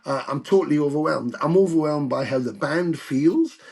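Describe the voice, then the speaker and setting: A British man in his older years, a guest musician telling stories in a casual interview, animated and swearing freely. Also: fairly high pitch, moderate pace, vocal fry, slightly rough. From United Kingdom.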